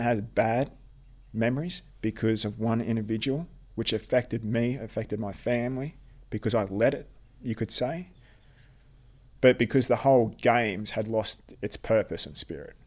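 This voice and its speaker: Man recounting a painful story haltingly. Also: medium pitch, a little mellow. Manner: halting, repeats words, restarts; blunt, swears when upset. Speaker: interviewee, veteran athlete. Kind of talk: personal storytelling.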